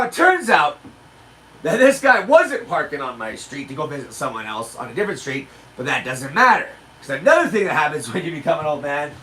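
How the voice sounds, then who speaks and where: A man in his forties doing stand-up, telling animated stories with shouted punchlines. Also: on the high side, far from the mic, low-quality recording. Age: 40s. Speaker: stand-up comedian. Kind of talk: livestreamed stand-up rehearsal.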